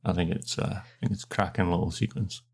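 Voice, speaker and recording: A man's voice: deep voice, fast talker, vocal fry, husky. A Scottish man co-hosting a podcast, laid-back and a bit sweary in casual chat. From Scotland. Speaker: podcast co-host.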